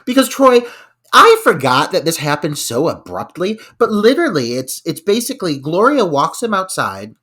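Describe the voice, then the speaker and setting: A man's voice: high-pitched, sing-song, normal speed, fairly bright tone, husky. A man co-hosting a podcast, ranting in exasperation about a film scene, swearing and laughing. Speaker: podcast co-host. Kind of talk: casual film review chat.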